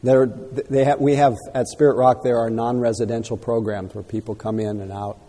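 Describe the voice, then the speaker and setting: A male meditation teacher answering questions in a calm, gentle, reflective way. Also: mid-range voice, a little fast. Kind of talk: dharma talk Q&A. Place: meditation hall. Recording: reverberant hall.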